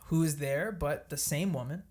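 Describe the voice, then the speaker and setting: A man co-hosting a casual podcast, telling a vacation story in an animated way, swearing freely and acting out the people he met. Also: a little high, moderate pace. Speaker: podcast co-host.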